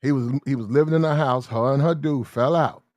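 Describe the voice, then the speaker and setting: A man's voice: medium pitch, no echo. Slangy man telling a rambling story. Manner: rambling, repetitive, slangy street talk; quick shifts into acted-out shouting arguments. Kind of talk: casual storytelling monologue.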